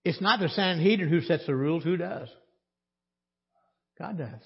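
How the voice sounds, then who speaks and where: A man's voice: on the high side, normal speed, gravelly, long pauses, husky, lo-fi sound. A man preaching a teaching sermon, posing questions to the congregation and answering them himself. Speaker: pastor.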